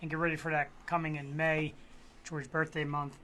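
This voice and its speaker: A man hosting a casual studio talk show, excitedly asking his guest rambling questions. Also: on the high side, moderate pace, slight background noise. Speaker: host. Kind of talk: casual interview chat.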